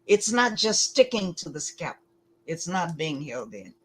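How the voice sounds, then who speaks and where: A woman giving lecture-style commentary, deliberate and emphatic, often pausing to ask rhetorical questions. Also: lowish voice, sing-song, husky, low-quality recording.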